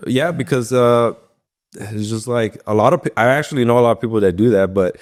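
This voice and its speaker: Speaking a little fast in a mid-range voice, this young man is a professional MMA fighter guesting on a casual interview. He rambles through his story, leaning on fillers and cursing without restraint.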